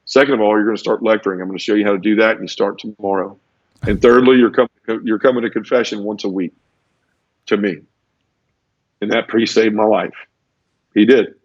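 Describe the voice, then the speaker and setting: Man, low voice, earnest personal testimony, stumbling repeats, dull lo-fi sound. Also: fairly even intonation, fairly quick, long pauses. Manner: earnest, repeats words, acts out quoted voices. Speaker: guest telling his conversion story. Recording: dull lo-fi audio.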